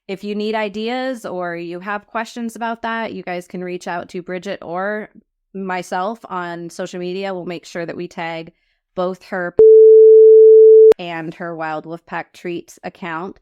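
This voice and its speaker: A woman's voice: fairly low pitch, fairly even intonation, a little slow, smooth. Emphatic woman podcast host. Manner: emphatic, repeats points for stress. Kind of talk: conversational interview.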